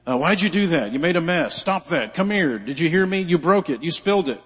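A man voicing an exasperated mother who fires off quick scolding commands at her children, heard with a long hall reverb. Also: a little high, expressive, fairly bright tone, husky, voice pushed up. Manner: rapid-fire nagging commands.

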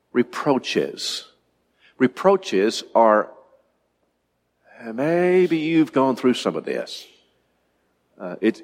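Halting preacher in an echoing hall. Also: male voice, medium pitch. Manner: halting, repeats words while thinking aloud. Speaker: pastor. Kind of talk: sermon. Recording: long reverb of a large hall.

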